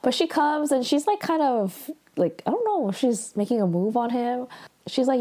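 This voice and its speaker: A woman's voice: medium pitch, lively intonation, moderate pace, dark tone. A young woman casually recapping a drama episode, chatty and full of "like" and "um" fillers. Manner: chatty, heavy use of "like" and "um".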